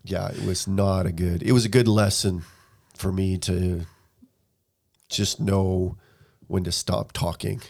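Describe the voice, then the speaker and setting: A man's voice: deep voice, steady tone, slow pace, vocal fry, pauses often, a little mellow. A man co-hosting a casual podcast, laid-back, telling stories and making dry quips. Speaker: podcast co-host and musician. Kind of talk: casual chat.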